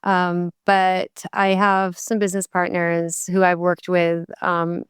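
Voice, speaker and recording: A woman co-hosting a podcast, chatting in a lively, emphatic way and laughing easily. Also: fairly low pitch, slow, smooth, no echo, studio quality. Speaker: podcast co-host. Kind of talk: casual chat.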